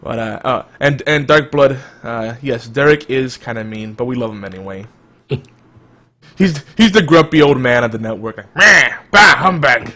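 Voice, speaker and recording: A man's voice: medium pitch, expressive, normal speed, a bit bright. A man hosting a podcast, chatting casually and laughing often, with lots of restarts as he reads the live chat. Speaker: podcast host.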